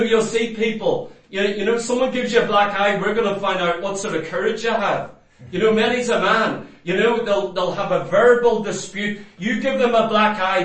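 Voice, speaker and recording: Male preacher, high voice, emphatic and repetitive sermon delivery, distant mic in a very echoey church hall. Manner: emphatic, repeats phrases, rising to loud exhortation.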